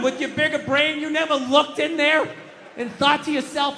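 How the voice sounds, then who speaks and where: A man doing a stand-up comedy set in a Boston accent, ranting and bursting into shouted bits, recorded live on stage. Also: very high-pitched, steady tone, moderate pace, background noise. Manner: ranting, shouting into exaggerated impressions. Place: stage before a live audience. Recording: live theater recording with crowd and reverb.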